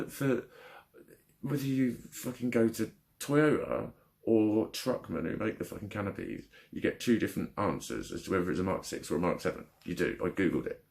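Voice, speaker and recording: Brief: young man, low-ish voice, angry swearing vlog rant, exasperated. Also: vocal fry, a little mellow. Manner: angry, frustrated, heavy swearing. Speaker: vlogger. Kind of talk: ranting vlog.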